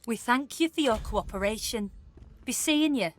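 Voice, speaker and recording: A smug, taunting thief. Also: female voice, fairly high pitch, lively intonation, moderate pace. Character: brash, mocking thief.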